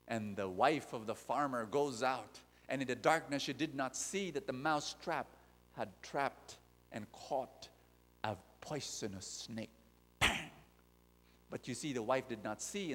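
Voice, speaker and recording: A man preaching a sermon, animated and repetitive, putting direct questions to the audience. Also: mid-range voice. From Philippines. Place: large convention hall. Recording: long reverb of a large hall.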